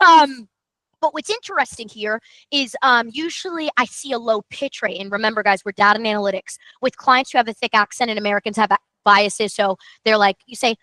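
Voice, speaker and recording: A woman hosting a sales training call, talking emphatically and excitably and repeating things for emphasis. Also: a little high, fairly quick, no echo, low-quality recording. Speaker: marketing coach host.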